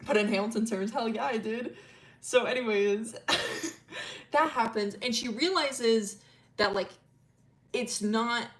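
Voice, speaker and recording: A woman streamer casually telling a long story, rambling with lots of fillers, laughing often and swearing freely. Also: medium pitch.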